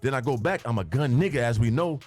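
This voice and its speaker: Man telling a wild story, fast and animated. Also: medium pitch, faint music behind. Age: older than the hosts. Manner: vivid and profane, acts out scenes with sound effects. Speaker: guest telling his life story.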